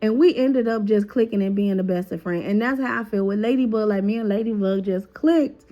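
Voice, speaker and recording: A woman's voice: mid-range voice, brisk, dull audio. Casual woman telling a story. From Chicago. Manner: lively, profane, acts out others' lines in voices. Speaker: storyteller vlogger.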